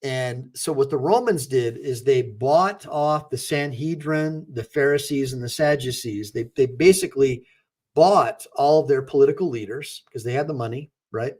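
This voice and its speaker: A man's voice: mid-range voice, moderate pace, darkish tone. A man hosting a livestream as an attorney, ranting through heated rhetorical questions. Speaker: attorney and online show host. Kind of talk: livestream political commentary.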